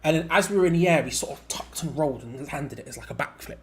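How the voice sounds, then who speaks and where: A young man hosting a live football watch-along, mixing quick play-by-play with rambling chat and sudden excited outbursts. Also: a little high, a little hiss or hum. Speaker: fan channel co-host.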